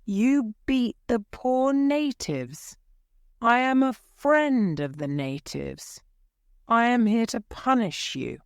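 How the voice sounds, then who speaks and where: A woman's voice: fairly high pitch, sing-song, slow pace, clear, resonant tone, no room sound, studio quality, pitched above the performer's own voice, exaggerated voice. A woman voicing a confident masked male swordsman hero in a storybook reading. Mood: stern. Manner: confident, commanding.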